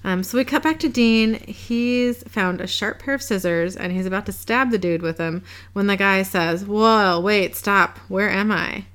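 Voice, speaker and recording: A woman's voice: mid-range voice, normal speed, smooth. A woman co-hosting a podcast, narrating an episode recap in a chatty, matter-of-fact way.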